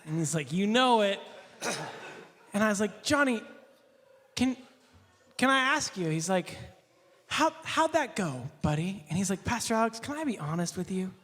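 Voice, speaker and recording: Bright-voiced pastor telling a story. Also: male voice, high-pitched, moderate pace, pauses often, long reverb tail. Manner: animated, laughs often, acts out quotes. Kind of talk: casual anecdote storytelling.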